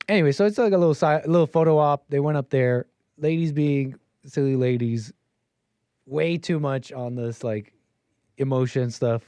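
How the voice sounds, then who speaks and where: A man's voice: medium pitch, a little slow, a little mellow, dry recording. A man hosting a call-in show, riffing in a mocking, rambling way and putting on silly voices to quote people. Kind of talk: casual on-air commentary.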